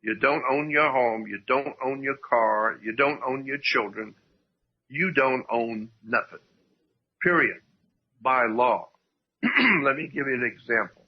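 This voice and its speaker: A man explaining at length as a radio guest, emphatic, repeating his points and often clearing his throat. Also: mid-range voice, a little slow, long pauses. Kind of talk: lecturing radio talk. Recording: dull dry radio audio.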